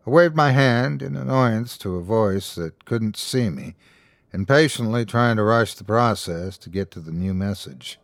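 A man narrating a scripted horror story in a measured storytelling voice, lightly voicing the characters. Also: lowish voice, vocal fry, no room sound, studio quality. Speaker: host and narrator.

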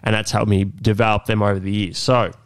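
A congested man with a nasal voice talks through his podcast, loose and unhurried, full of fillers and restarts. His low voice stays fairly flat, smooth and clear on a close, dry mic. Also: no room sound. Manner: relaxed, many fillers and restarts. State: unwell, congested. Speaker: fitness podcast host. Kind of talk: solo podcast talk.

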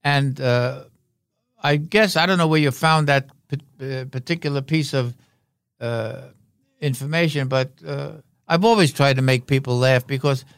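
A man's voice: medium pitch, unhurried, creaky, clear, resonant tone, no room sound, studio quality. Older man, wry, rambling storyteller. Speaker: guest, veteran actor. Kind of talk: anecdotal interview talk.

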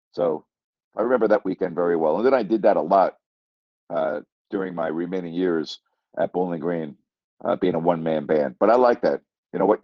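An older male sports broadcaster tells a story in a loose, rambling way, circling back on his phrases and chuckling as he goes. His voice sits low, and the sound is dry and a little dull, like a lo-fi recording. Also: a little mellow, dry recording. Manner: rambling, repeats phrases, chuckles mid-sentence. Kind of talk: casual storytelling monologue.

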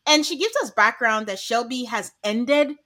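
A woman's voice: fairly high pitch, moderate pace. A woman co-hosting a podcast, chatting casually and acting out lines from a reality show. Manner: animated, acts out quotes from the show. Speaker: podcast co-host. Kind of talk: casual recap chat.

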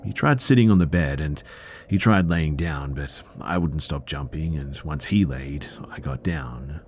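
A man calmly narrating true scary stories in a low-key, subdued way. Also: measured pace, slight background noise. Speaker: storyteller.

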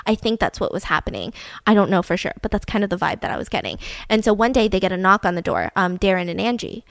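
A young woman host telling a story in an animated, chatty way with many fillers. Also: a little high, no echo, studio quality. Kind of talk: casual storytelling chat.

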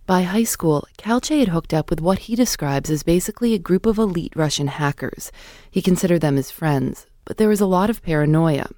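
A woman hosting an audio documentary, narrating in a measured scripted way and putting questions to her guest. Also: fairly low pitch, a little mellow, no echo, clean studio sound. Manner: measured, clear storytelling narration. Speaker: host and narrator.

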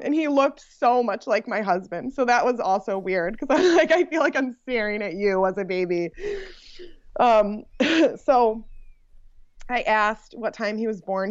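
A young woman telling her birth story in a casual, animated way, full of "like" and laughs. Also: mid-range voice, no echo, highs cut off. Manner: animated, frequent "like" fillers and laughs. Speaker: podcast guest sharing her birth story.

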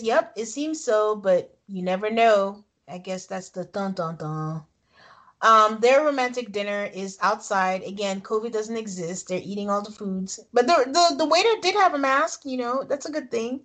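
A woman with a fairly high, fairly bright voice speaks at a moderate pace while co-hosting a casual podcast. Recapping a reality show, she is chatty and laughs often as she describes scenes.

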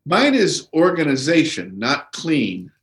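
A middle-aged man, a comedian, telling stories in a relaxed podcast chat with measured pauses. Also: on the high side, reverberant. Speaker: comedian guest.

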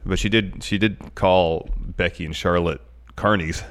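A man's voice: deep voice, fairly even intonation, unhurried, a bit bright. A man with a stuffy, congested cold, co-hosting a casual wrestling podcast in a matter-of-fact way. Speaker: podcast co-host.

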